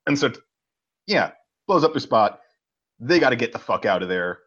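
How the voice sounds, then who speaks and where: A man co-hosting a podcast, telling a movie plot in a casual, animated way and swearing freely. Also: mid-range voice, brisk, muffled recording, a little hiss or hum. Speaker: podcast co-host. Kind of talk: casual movie recap chat.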